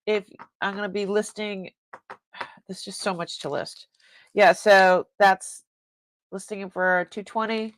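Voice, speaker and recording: A woman's voice: medium pitch, steady tone, slow pace, no echo. Woman, live sale host, casual rambling chat, breaks off mid-thought, dry close sound. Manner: chats with viewers reading comments. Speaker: live online jewelry seller.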